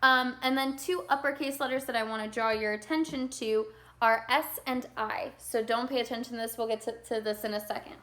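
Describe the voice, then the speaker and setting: Young woman teacher talking kids through a lesson, clear bright voice, kinda high, patient, keeps asking okay?. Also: steady tone, a little fast. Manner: patient, explains step by step, often checks in with "okay?". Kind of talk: recorded remote lesson for children.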